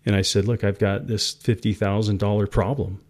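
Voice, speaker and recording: A man's voice: on the low side, little pitch movement, normal speed, darkish tone. Emotional man telling his business story. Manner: emotional, laughs often, calls the host "guy". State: teary. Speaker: guest entrepreneur. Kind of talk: candid interview storytelling.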